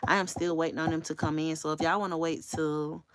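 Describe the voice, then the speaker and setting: A woman's voice: low voice, little pitch movement, a little fast, no echo. A woman hosting a casual livestream, chatting candidly with her viewers and swearing freely. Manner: talks straight to viewers. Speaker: livestream host.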